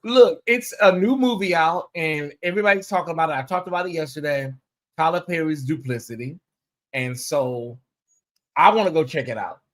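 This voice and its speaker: A man chatting as a guest on a live stream, giggly and animated, often breaking into laughter. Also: a little high, moderate pace. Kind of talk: casual live-stream chat.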